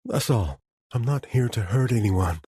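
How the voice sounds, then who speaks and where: A man's voice: mid-range voice, expressive, unhurried, dark tone, slightly rough, no echo, studio quality, full character voice. A man doing a nervous apologetic older guy. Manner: weak, nervous and pleading.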